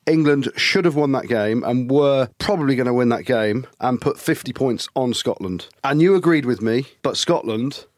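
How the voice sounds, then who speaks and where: A man co-hosting a sports podcast, breaking down match action in animated detail and laughing easily. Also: mid-range voice, normal speed, hardly any pauses, no room sound, clean studio sound. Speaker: podcast co-host. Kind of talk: casual sports chat and match analysis.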